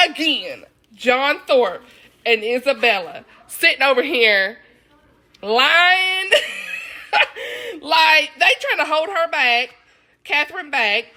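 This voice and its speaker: A woman with a Southern US accent, chatting casually as a book vlogger, animated and often laughing. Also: sits high, a little hiss or hum. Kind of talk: casual chat.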